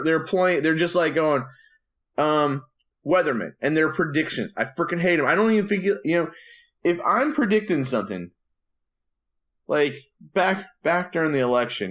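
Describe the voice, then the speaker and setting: A man co-hosting a podcast, telling stories in casual chat and acting out quotes in low mumbling voices. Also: a bit bright. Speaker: podcast co-host, preacher.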